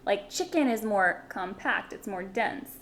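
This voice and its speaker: A woman's voice: mid-range voice, expressive, measured pace, a bit bright, slight background noise. Chatty woman co-hosting a podcast. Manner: chatty, playful, many fillers. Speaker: podcast co-host. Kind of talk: casual chat.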